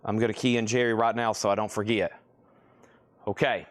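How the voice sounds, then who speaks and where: A man's voice: on the low side, flat delivery, brisk. A man hosting a live-streamed record sale, calling out bids and repeating item names in a casual, rambling way. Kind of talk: live-stream auction selling.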